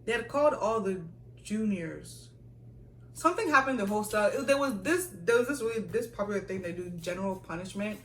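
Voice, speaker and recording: A young woman vlogger telling a story in a casual, animated way, with laughs and asides. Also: medium pitch, brisk, slight background noise. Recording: echoey room, a little far from the mic.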